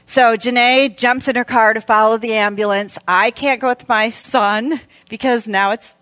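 A woman in her fifties speaking at a women's church event, telling a story in an animated way and laughing often. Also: a little high, normal speed, dry recording.

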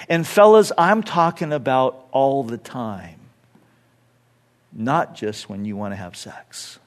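A middle-aged male pastor preaching a sermon in a high, lively voice. He speaks slowly and earnestly, with big swings of pitch, and acts out the people he quotes.

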